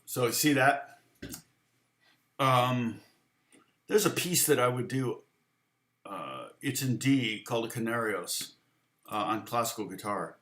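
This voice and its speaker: A man's voice: medium pitch, lively intonation, slow, long pauses, a bit bright. A male guitar teacher talks through a live lesson in a mid-range voice, wandering off on tangents as he thinks aloud. He counts beats and scats rhythms as he explains them, and his voice carries a roomy echo. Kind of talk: live-stream guitar lesson, answering chat.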